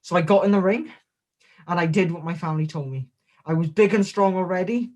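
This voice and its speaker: Deadpan rambling man. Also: high voice, fairly quick. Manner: deadpan, rambling absurd jokes. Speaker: guest. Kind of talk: comedic in-character interview.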